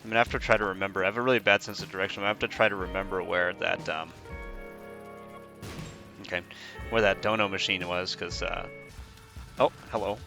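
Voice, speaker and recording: A man's voice: sits low, fairly even intonation, a little fast, creaky, pauses often, bright, forceful tone, faint music behind. A man in his thirties giving casual, rambling gameplay commentary, joking and laughing often. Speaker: gaming YouTuber.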